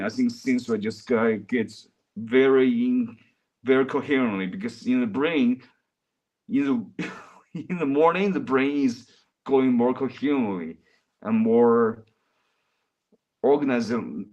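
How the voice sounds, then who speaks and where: A man livestreaming in casual, rambling chat, often calling his viewers bro. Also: mid-range voice.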